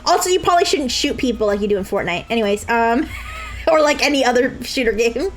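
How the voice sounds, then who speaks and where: A young woman streamer talks over a game in a high voice that climbs and dives all over. She jokes crudely with her viewers, laughs often and slips into mock sobbing. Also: animated, brisk, a little hiss or hum, low-quality recording. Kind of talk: live-stream gameplay commentary.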